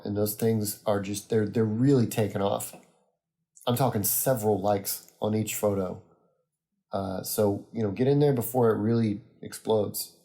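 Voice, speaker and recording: A young man hosting a solo podcast, chatting in a rambling, easygoing way with many pauses and fillers. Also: lowish voice, mellow. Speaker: podcast host. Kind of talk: casual solo podcast monologue.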